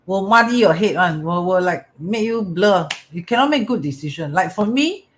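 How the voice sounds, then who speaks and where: A man's voice: high voice, lively intonation, moderate pace, a bit bright. A man with a Singaporean English accent giving a motivational talk as a metaphysics teacher, repeating phrases and often checking in with "right?" and "correct?".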